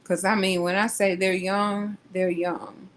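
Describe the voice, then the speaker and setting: Slow, hesitant woman host. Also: mid-range voice, level tone, a little hiss or hum, low-quality recording. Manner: slow, hesitant, many ums and restarts. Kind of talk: casual live talk.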